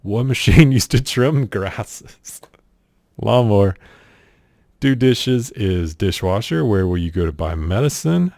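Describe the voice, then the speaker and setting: A man's voice: fairly low pitch, lively intonation, slow pace, gravelly, darkish tone, no room sound, clean studio sound. A young man from South Carolina with a Southern accent, casually working through an accent challenge in an offhand, laid-back way. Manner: laid-back, offhand, says "y'all" and "ain't". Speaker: streamer doing an accent challenge. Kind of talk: casual vlog reading a list of questions.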